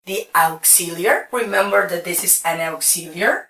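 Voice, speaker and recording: A woman with a lowish, creaky voice and a bright, forceful tone leads an English grammar lesson. She moves slowly through each step, pausing often to say "okay." Her voice carries a roomy echo, recorded far from the microphone.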